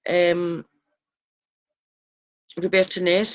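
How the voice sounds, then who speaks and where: A woman's voice: on the low side, moderate pace, pauses often, muffled recording. A middle-aged woman with a Glasgow Scottish accent hosting a casual live stream as a psychic. She chats along, greets viewers by name and pokes fun at herself. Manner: chatty, self-deprecating, greeting viewers by name.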